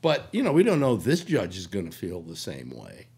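An older man hosting a talk show, hoarse with a cold, rambling in casual talk with many restarts. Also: low-pitched, huge pitch swings, moderate pace, darkish tone. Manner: rambling, full of restarts and "you know". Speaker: radio talk host.

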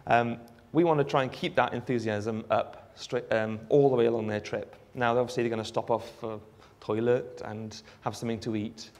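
A Welsh man giving a live demonstration of a phone app, explaining in a relaxed way with frequent ums. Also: mid-range voice, normal speed, few pauses. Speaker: app developer giving a presentation. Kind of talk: live product demo talk.

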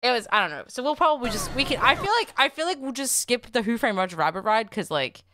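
A woman's voice: on the high side, lively intonation, fast, noisy background. A woman streamer chatting casually, full of fillers like "like" and "I don't know". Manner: chatty, filler-heavy, laughing.

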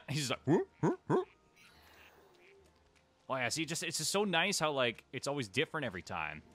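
A man hosting a gaming channel, giving chatty play-along commentary, talking to the creatures on screen and breaking into excited exclamations. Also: medium pitch, quick pace, faint music behind.

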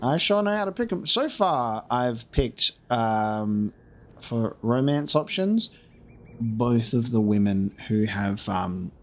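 A man's voice: lowish voice, slight background noise. A man giving casual gameplay commentary, chatty and self-mocking, swearing and laughing often. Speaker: let's play gamer. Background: faint game music.

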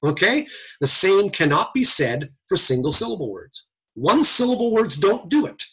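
Folksy male lecturer, animated pitch, husky tone, lo-fi call audio. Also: normal speed. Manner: lively, folksy teaching with slang. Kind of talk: recorded online lecture. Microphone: computer mic on a video call.

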